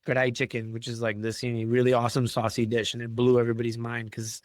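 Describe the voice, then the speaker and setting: A man in his thirties from Chicago, a chef telling stories in a casual chat, animated and swearing freely. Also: mid-range voice, fast, no room sound. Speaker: chef and podcast guest.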